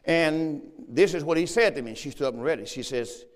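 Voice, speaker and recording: In a big-sounding church room, a man preaching as pastor speaks briskly in a fairly high voice. He reads scripture aloud in a raised voice and breaks off for call-and-response asides with the congregation.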